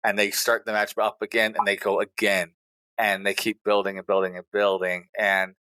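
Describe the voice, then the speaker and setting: A male podcast co-host giving an animated, play-by-play recap in casual chat. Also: fairly low pitch, normal speed, no echo.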